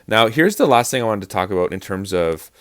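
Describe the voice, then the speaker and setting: A man's voice: lowish voice, very animated, a little fast. A man explaining verse rhythm as an acting teacher, in a chatty lesson with frequent fillers and restarts. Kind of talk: online lesson on verse speaking.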